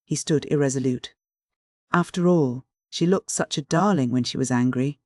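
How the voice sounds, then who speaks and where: A man narrating an old romance novel in an even, steady reading. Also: mid-range voice, normal speed, no echo, studio quality. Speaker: audiobook narrator. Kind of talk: scripted literary narration.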